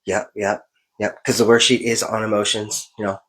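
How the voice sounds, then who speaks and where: A man's voice: on the low side, little pitch movement, moderate pace, fairly bright tone, breathy edge, rough recording. A man in his thirties co-hosting a podcast, talking in a rambling, candid, self-reflective way. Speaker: podcast co-host. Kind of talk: casual podcast chat.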